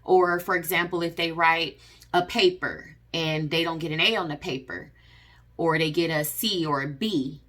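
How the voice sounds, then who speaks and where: A woman's voice: low-pitched, moderate pace, a bit bright. A woman talking to camera in an earnest, repetitive way, with many fillers and restarts. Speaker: vlogger. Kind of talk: personal advice vlog.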